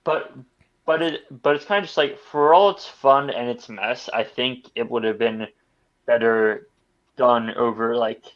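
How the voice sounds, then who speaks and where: A man's voice: mid-range voice, unhurried, fairly bright tone, highs cut off. Man reviewing a film, rambling. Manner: rambling, many restarts and stammers. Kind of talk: casual podcast chat. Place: podcast studio.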